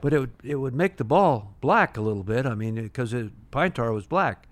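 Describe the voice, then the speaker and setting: In a relaxed interview, a retired pitcher, now an older man, recounts lengthy stories with expressive delivery at a moderate pace. His speech is full of restarts and "uh" fillers.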